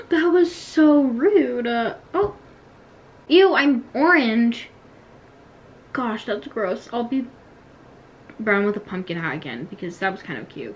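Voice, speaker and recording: A chatty teenage girl vlogging as she plays a game, with a fairly high voice. She giggles and grumbles as she talks. Her voice comes through dull, lo-fi camera audio. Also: animated, a little hiss or hum. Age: teens. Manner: chatty, giggly, quick to complain. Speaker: YouTuber. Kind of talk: casual gaming vlog chat.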